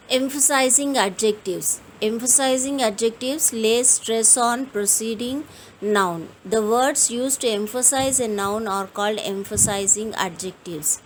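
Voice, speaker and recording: A woman teaching an English grammar lesson, explaining each rule in a slow, deliberate way and reading out example sentences. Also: on the high side, slight background noise, low-quality recording.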